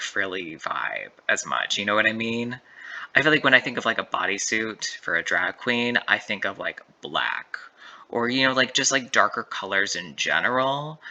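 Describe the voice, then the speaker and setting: Rambling man with a bright tense tone. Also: lowish voice. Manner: rambling, self-correcting, lots of fillers. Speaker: drag race recap commentator. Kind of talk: casual solo commentary.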